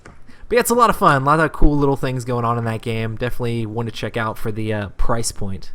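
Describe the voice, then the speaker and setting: A man's voice: medium pitch, fast talker, sharp tone. Man explaining a game with many fillers. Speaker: podcast host. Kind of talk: casual chat.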